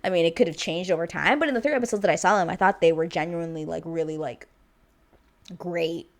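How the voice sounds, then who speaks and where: A woman's voice: on the low side, quick pace. A woman giving a chatty, unscripted review of a reality show, full of fillers and restarts. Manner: animated, chatty, lots of fillers. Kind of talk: casual vlog review.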